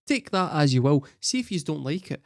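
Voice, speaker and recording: A man's voice: a little high, sing-song, brisk, gravelly, no echo, clean studio sound. A Scottish man hosting a music reaction, joking crudely and swearing as he comments. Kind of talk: casual commentary.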